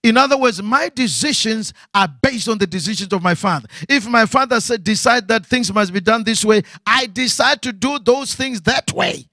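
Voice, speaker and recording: A man's voice: high-pitched, moderate pace, hardly any pauses, pushed and bright, dry recording, clean studio sound. A man preaching a sermon as pastor, asking rhetorical questions and repeating phrases.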